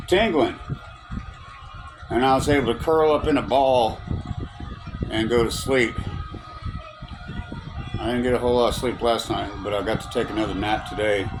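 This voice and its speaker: A man's voice: medium pitch, rough recording. A man with a Southern US accent, chatting to viewers in a loose, rambling way with lots of fillers. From Southern United States. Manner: chatty and rambling, with many fillers and a relaxed drawl. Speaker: vlogger. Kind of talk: casual rambling chat to viewers.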